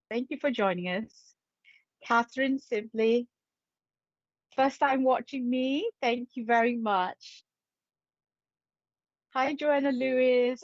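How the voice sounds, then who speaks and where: A woman hosting a psychic live stream, chatty and playful as she greets viewers. She talks slowly in a fairly high voice. The sound is dull and lo-fi, with a dry, close feel. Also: no room sound. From England. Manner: chatty and playful, laughs often. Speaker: psychic medium and spirit artist.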